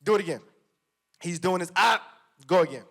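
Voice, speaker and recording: A man's voice: sits high, quick pace. A man, an actor on a panel, chatting casually and emphatically about his work on set, often repeating himself. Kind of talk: casual conversation.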